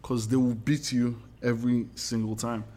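A man's voice: medium pitch, flat delivery, moderate pace, warm tone. A man co-hosting a podcast, joking around in casual banter and swearing freely. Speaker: podcast co-host.

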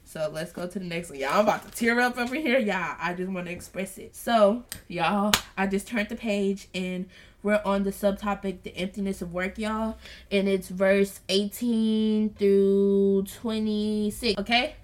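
A woman hosting a casual Bible study podcast, talking earnestly and preachily to her listeners and calling them y'all, then reading scripture aloud slowly and softly. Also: medium pitch, steady tone. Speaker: podcast host.

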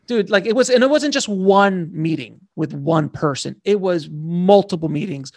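Author guest, man, gravelly voice that sits a bit high, lively anecdotes in a dry close sound. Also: normal speed, no echo. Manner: animated, slangy storyteller. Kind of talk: casual interview storytelling.

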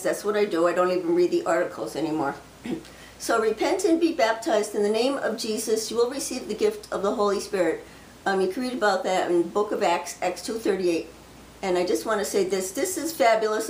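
Woman reading prophecy slowly in a roomy space. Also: medium pitch, a little hiss or hum. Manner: slow, deliberate reading broken by chatty, hesitant asides. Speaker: ministry host sharing prophecy. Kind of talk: reading scripture and prophecy aloud with casual asides. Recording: roomy echo.

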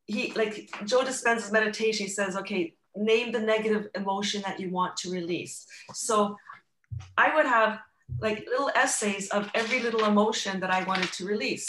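Woman, middle-aged, earnest, reflective, restarts sentences, bright tone, echoey room. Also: mid-range voice, slight background noise. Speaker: guest sharing her cancer recovery. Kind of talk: candid personal storytelling.

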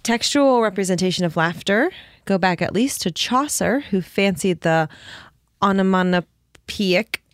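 A woman's voice: mid-range voice, normal speed, no room sound, clean studio sound. A woman co-hosting a casual chat, reading from an article and acting out the quotes with giggles. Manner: reads article aloud, giggly, animated quoting. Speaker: podcast co-host.

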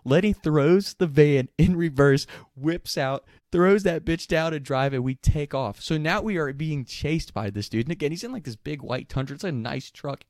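A young man casually telling a rowdy anecdote, animated and laughing, with plenty of swearing. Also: mid-range voice, dry recording, clean studio sound. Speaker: storyteller.

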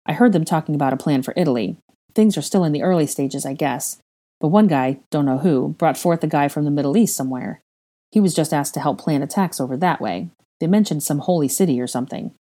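A woman's voice: deep voice, fairly quick, mellow. A woman reading the lines of a reckless, cocky young man in a fan fiction audiobook. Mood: boastful.

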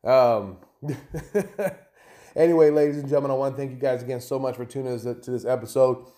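A man's voice: medium pitch, steady tone, quick pace, mellow. A man hosting his own podcast in a loose, rambling, profane way, chatting casually on his own. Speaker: podcast host. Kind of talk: casual solo podcast talk.

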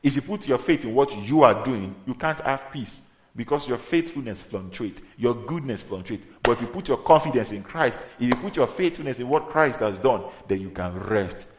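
A man preaching a sermon, in an emphatic manner that rises to loud exhortation. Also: medium pitch, expressive, normal speed, slight background noise. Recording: echoey room.

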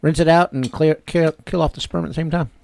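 A man's voice: fairly high pitch, steady tone, fast, vocal fry, a little mellow. A man co-hosting a casual comedy podcast, teasing the others with bawdy jokes and laughing through his lines. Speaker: podcast co-host.

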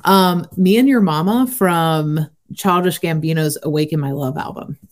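A woman's voice: deep voice, moderate pace. A woman hosting a podcast, chatting casually and laughing often. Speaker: podcast host.

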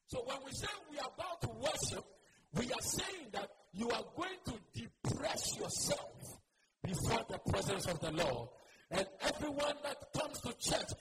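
A male pastor preaching a sermon, calling on the congregation to repeat after him. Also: very high voice. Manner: preaching with call-and-response to the congregation. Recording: loud background noise.

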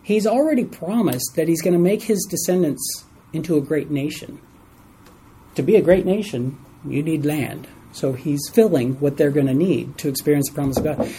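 A man's voice: a little high, moderate pace, warm tone, breathy edge, poor audio. A man leading a Bible study lesson for a small group in a room, stressing key words and asking the group questions.

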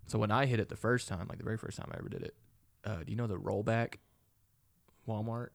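Casual chatter: young guy, gravelly fry, loose and rambling, curses a lot. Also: fairly low pitch, fairly even intonation, fast talker. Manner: rambling storytelling, swears often, laughs along. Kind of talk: casual chat.

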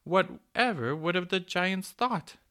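A man voicing a kindly, motherly old female cuckoo bird who talks slowly and gently. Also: sits high, animated, voice pushed up, heavily acted. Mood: cozy.

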